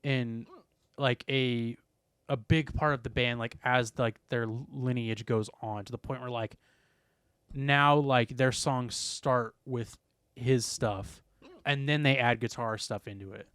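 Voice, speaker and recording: A young man chats on a podcast and loses his thread as he goes. His voice is smooth and resonant, and the recording is close and dry. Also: medium pitch, steady tone, a little slow, fairly bright tone, no echo. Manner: rambling, heavy use of "like". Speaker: podcast co-host. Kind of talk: casual chat.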